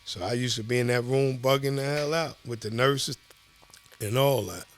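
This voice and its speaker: A middle-aged man from Southside Jamaica Queens with a New York accent, telling stories as a podcast guest in an animated, profane way. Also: mid-range voice, normal speed. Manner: animated, profane, acts out quoted voices. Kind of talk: casual storytelling.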